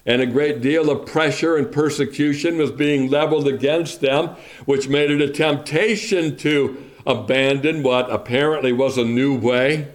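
A man preaching a sermon to his congregation, speaking deliberately and building emphasis through repetition. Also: mid-range voice, steady tone. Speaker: pastor.

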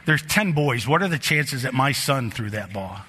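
A middle-aged man preaching a sermon in a church, telling personal stories in an animated way that climbs higher and louder as the story builds. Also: moderate pace, a little hiss or hum. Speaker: pastor. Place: church sanctuary. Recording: long hall reverb.

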